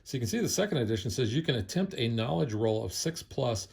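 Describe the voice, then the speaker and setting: A middle-aged man in a casual board game review chat, explaining rules in a relaxed way with plenty of ums and uhs. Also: medium pitch, quick pace, vocal fry, breathy edge. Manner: relaxed, explanatory, filler-heavy.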